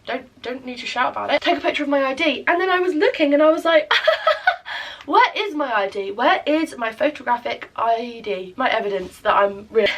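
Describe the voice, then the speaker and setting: A young woman tells a rambling, self-deprecating story of her day in a casual vlog, swearing freely. Her voice sits high. She sounds a little away from the camera mic in a room at home. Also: fairly quick, hardly any pauses, recorded from a distance. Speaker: vlogger. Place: at home, indoors.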